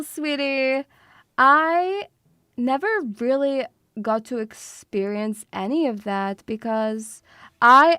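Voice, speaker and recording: Young woman streamer, high bright voice, swears and says sweetie a lot, dry close mic. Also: smooth, no room sound. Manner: chatty, swears freely, calls viewers sweetie. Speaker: VTuber streamer. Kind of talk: casual livestream chat.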